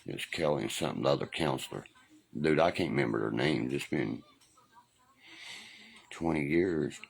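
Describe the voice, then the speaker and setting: At a moderate pace, this very deep, gravelly-voiced man rambles through profane stories on his home livestream, reminiscing loudly. He also reads viewers' comments and responds to them.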